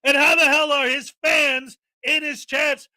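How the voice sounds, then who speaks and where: A man's voice: very high voice, level tone, measured pace, pushed and bright, no echo. A man hosting a daily live-stream, ranting with indignant sarcasm. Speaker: live-stream commentary host.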